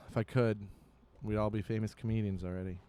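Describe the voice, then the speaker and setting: A man hosting a podcast, chatting casually and joking with his guest, dropping in quick interjections. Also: lowish voice, fairly even intonation, a little mellow, slight background noise. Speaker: podcast host, comedian.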